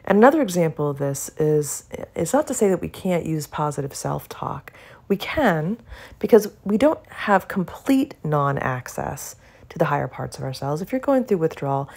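A woman's voice: low voice, sing-song, normal speed, gravelly, darkish tone. A middle-aged woman, a psychologist, giving an earnest, reassuring educational talk and often checking in with her listeners. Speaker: psychologist educating about benzodiazepine withdrawal.

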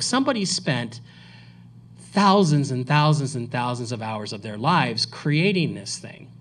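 A man speaking at a conference and taking audience questions, rambling and animated, often restarting his sentences. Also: a little high, a little hiss or hum. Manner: rambling, animated, self-correcting. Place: lecture hall.

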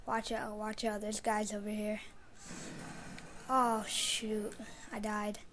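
A woman giving live commentary while playing a shooter game, mostly muttering low with sudden loud outbursts. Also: monotone, takes it slowly, slight background noise. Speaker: gamer streaming live play.

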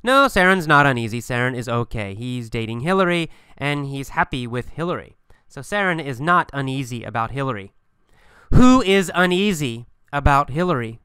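Bright clear-voiced guy teaching english, asks and answers himself, dry close mic. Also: mid-range voice, moderate pace, dry recording. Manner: animated, repetitive, emphatic questioning. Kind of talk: storytelling English lesson with question drills.

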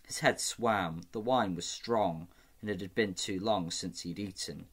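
A man reading a fantasy novel aloud as an amateur audiobook narrator, steady and measured. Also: deep voice, breathy edge. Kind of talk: scripted narration.

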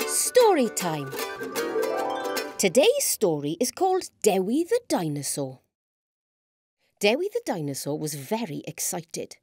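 Woman, preschool storyteller, sing-song and encouraging, very slow, big pitch swings. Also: darkish tone, no echo, studio quality. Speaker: presenter and storyteller of a preschool show.

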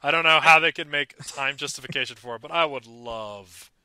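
A man's voice: on the high side, fairly quick. A young man co-hosting a podcast, chatting casually and enthusiastically about a cartoon episode. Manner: enthusiastic, animated fan talk. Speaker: podcast co-host. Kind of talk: casual chat.

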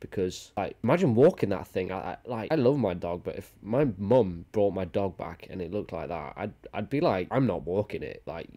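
A man's voice: low voice, lively intonation, moderate pace, hardly any pauses, dark tone. A young man giving a crude, rambling, sarcastic comedy reaction commentary. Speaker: YouTuber.

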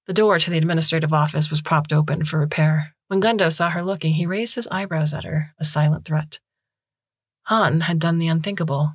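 A woman reads a short story aloud in a measured, steady voice. Her tone is low and husky. The recording is close and dry, with no room sound. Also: no room sound. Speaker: story reader. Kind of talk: scripted narration.

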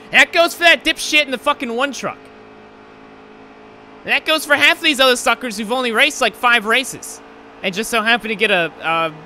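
A gaming channel host with an extremely high-pitched, sharp voice rants in frustration, swearing as he commentates live on a racing game. Race car engine sounds from the game run behind him.

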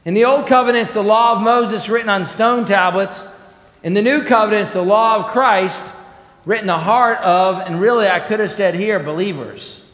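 A man preaching an expository sermon as pastor, emphatic, asking the congregation questions and letting his phrases fall away softly. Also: high-pitched, moderate pace. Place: church sanctuary. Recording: echoey church hall.

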